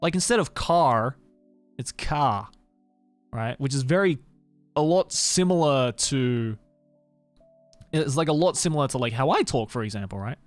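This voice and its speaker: A man's voice: mid-range voice, expressive, normal speed, long pauses, dry recording, soft background music. An Australian man streaming and chatting casually, rambling with lots of fillers and restarts. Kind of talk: casual livestream chat.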